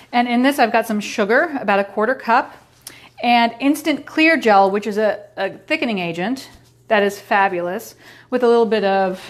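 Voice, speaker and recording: A middle-aged woman hosting a baking show, giving a chatty, playful cooking demonstration with little sound effects. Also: mid-range voice.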